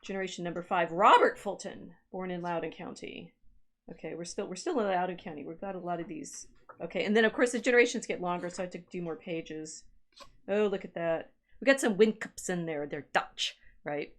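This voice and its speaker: A woman's voice: on the low side, a little fast. Woman, livestream co-host; casual, musing delivery, stops and restarts as she reads old records. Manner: reads genealogy records aloud, musing and self-interrupting.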